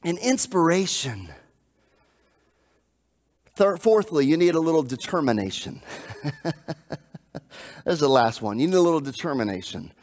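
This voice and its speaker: Male pastor, slightly high voice, emphatic sermon delivery with repetition. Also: expressive, unhurried, long pauses, darkish tone.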